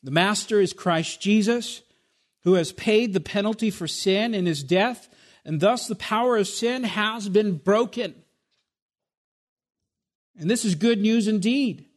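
High-voiced, slow-preaching man. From Spanish heritage. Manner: preaching with emphatic rhetorical questions. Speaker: pastor. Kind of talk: sermon.

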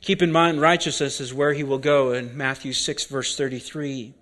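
A man preaching a sermon, deliberate and repeating key words for emphasis. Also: mid-range voice, fairly even intonation, fairly bright tone.

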